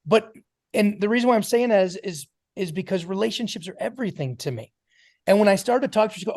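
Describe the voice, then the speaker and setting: A man's voice: high-pitched, animated, fast, darkish tone, no room sound, clean studio sound. A man giving an emphatic motivational talk to a sales team on a video call, calling on listeners by name.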